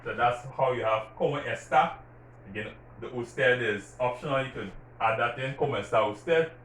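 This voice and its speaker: A man's voice: mid-range voice, a bit bright. Patient male teacher in an echoey room. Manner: patient, repeats examples slowly and stresses syllables. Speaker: Spanish teacher. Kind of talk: explaining Spanish greetings and grammar. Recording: roomy echo from a distant mic, faint background hiss.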